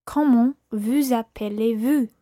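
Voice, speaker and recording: A Scottish woman calmly repeats French phrases after the teacher. Her voice is fairly high and mellow, and she speaks slowly. The sound is dry and close. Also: dry recording. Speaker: student helper.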